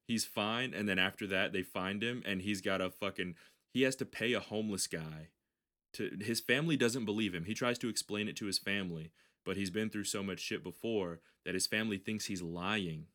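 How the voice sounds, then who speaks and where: A man's voice: on the low side, moderate pace, fairly bright tone. A man hosting a podcast, telling a long story in casual chat, rambling and swearing, with frequent restarts. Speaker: podcast host.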